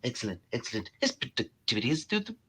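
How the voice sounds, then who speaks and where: A man doing an impression of a doddering, greedy old male tycoon boss, with a quiet wheezy drawl. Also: mid-range voice, very animated, fast, husky, full character voice. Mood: scheming.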